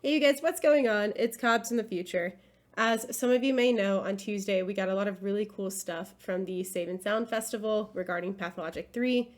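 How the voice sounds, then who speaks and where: A sick young woman with a nasal, congested voice of medium pitch hosts a scripted video essay. She speaks fairly quickly, earnestly and enthusiastically, with occasional fillers.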